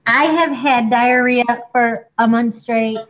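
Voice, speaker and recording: A woman in her forties co-hosting a casual chat, talking in a chatty, animated way and acting out other people's lines. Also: a little high, slow pace, poor audio. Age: 40s. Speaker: co-host.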